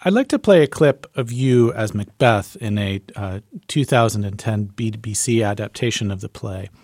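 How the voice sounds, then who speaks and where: A man's voice: on the low side, moderate pace, darkish tone, no room sound, studio quality. A man hosting an interview, asking friendly, casual questions with easy fillers. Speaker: interviewer, host.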